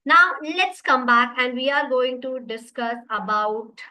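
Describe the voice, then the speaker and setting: A woman's voice: high-pitched, expressive, unhurried, pushed and bright, low-quality recording. A woman teaching a web development class online, explaining patiently and repeating her points for the students.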